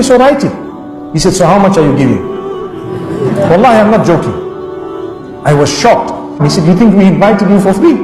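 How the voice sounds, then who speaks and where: A man preacher telling a wry first-person story during a humorous sermon. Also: a little high. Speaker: Islamic preacher. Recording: echoey hall with background music.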